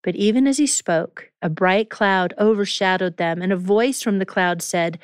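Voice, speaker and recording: A woman podcast host in a studio reading scripture in a measured, clear way, then opening the show. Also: mid-range voice, dry recording. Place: recording studio. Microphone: studio microphone.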